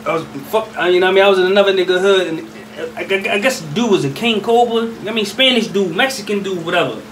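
A man's voice: sits high, racing, a bit bright. A young man from Philadelphia telling a street story casually, rambling with street slang and constant "you know what I mean". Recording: slightly distant mic with faint ambient noise.

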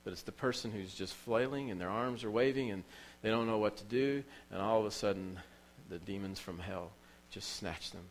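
A male pastor with a somewhat low voice preaches a sermon, telling stories with feeling and driving points home through repetition. A faint hum of noise sits under his voice. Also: moderate pace, hardly any pauses, low-quality recording. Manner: emotional storytelling preacher, repeats phrases for emphasis. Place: church.

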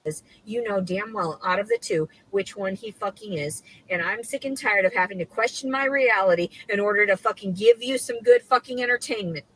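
A woman with a husky, breathy voice rants with heated, profane accusations. She speaks in a social media clip, lashing out at the people around her. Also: mid-range voice, a little fast, few pauses, fairly bright tone, low-quality recording. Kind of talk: angry ranting monologue.

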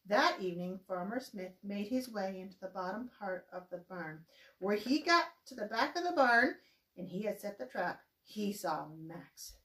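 A woman telling a children's church story in a gentle, expressive way. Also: medium pitch, normal speed, roomy sound, low-quality recording.

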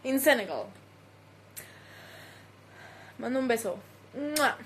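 High-voiced giggly woman, Mexican accent. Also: very animated, takes it slowly, a little hiss or hum, poor audio. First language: Spanish. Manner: giggly, laughs often. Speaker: livestreamer answering fans. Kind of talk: casual chat reading comments. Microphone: phone.

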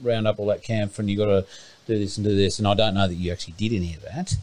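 Male host, low voice, relaxed mate-to-mate interviewer. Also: very fast, dry recording, low-quality recording. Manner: matey, jokey, says "mate" often. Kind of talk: casual conversational interview.

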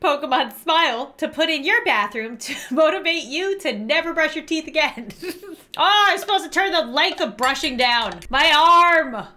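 A woman's voice: high voice, lively intonation, normal speed, sharp tone. A young woman hosting a casual gaming vlog at home, chatty, giggling and exclaiming often. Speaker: channel host.

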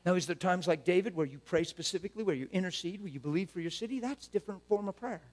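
A man preaching a sermon, modeling prayers aloud and moving between hushed murmured prayer and loud, fervent declaration. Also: sits high, racing.

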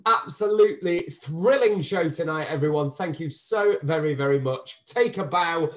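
A man's voice: on the high side, normal speed. A man hosting the wrap-up of a live online show, effusive and upbeat, thanking the performers and introducing the cast over a video call. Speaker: host and director.

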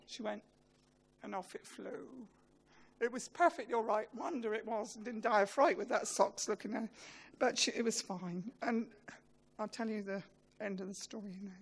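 A woman giving a funeral eulogy. She tells lively, self-mocking stories and laughs as she talks. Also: on the high side, vocal fry.

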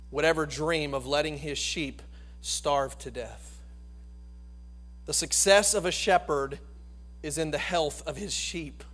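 A male pastor preaching a sermon in a church, swinging between loud proclamation and hushed, slow emphasis. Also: a little high. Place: church sanctuary.

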